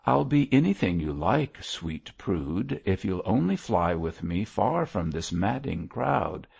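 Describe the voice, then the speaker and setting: A man's voice: low-pitched, very animated, takes it slowly, vocal fry, darkish tone, slightly rough, dull audio, heavily acted. A man voicing a teasing young captain. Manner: playful, bantering. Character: lively teasing young male army captain.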